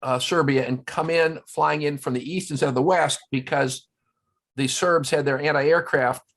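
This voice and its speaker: A man telling stories in casual conversation as a guest at a round-table talk, animated and full of restarts. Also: on the high side, normal speed, vocal fry. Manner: storytelling, animated, many restarts. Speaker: guest, former ambassador. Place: indoors, round-table discussion.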